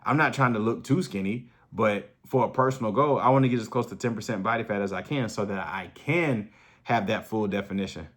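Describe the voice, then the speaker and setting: A man's voice: fairly low pitch, brisk. A man, talking in a blunt, profane, hyped-up way in a casual motivational vlog. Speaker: fitness vlogger.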